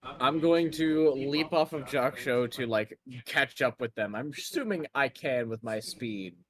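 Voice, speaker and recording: A man's voice: medium pitch, a little slow, a bit bright. A man playing in a tabletop game, talking casually and swearing. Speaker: player.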